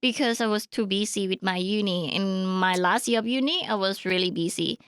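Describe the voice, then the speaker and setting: A woman's voice: mid-range voice, moderate pace, a bit bright, clear, resonant tone, no echo, studio quality. A young woman chatting as a podcast guest, laughing often between her answers. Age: young adult. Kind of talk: casual chat. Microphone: studio mic, speaking close.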